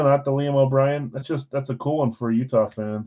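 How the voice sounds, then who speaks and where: A man's voice: mid-range voice, fairly even intonation, brisk, warm tone, dull audio. A man hosting a live sports card break, casually rattling off player names and who got which spot.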